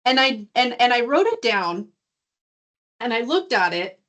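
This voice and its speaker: A woman loan originator and guest coach telling a work story in a casual, animated way, acting out the voices in the conversation. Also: a little high, measured pace. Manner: animated, acts out dialogue in a lively voice.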